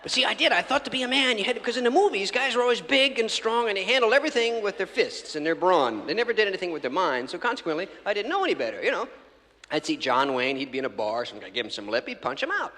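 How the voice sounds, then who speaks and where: Man, stand-up comedian, rambling storyteller, somewhat high and very lively, reverberant 1984 live theatre recording. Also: fast talker. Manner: rambling storytelling, acting out scenes. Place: large theatre stage before an audience.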